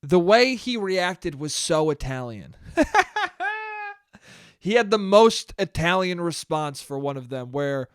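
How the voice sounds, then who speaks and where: A man's voice: a little high, expressive, takes it slowly, clear, resonant tone, no echo, clean studio sound. A man hosting a solo comedy podcast, ranting profanely and laughing at his own jokes. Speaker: podcast host.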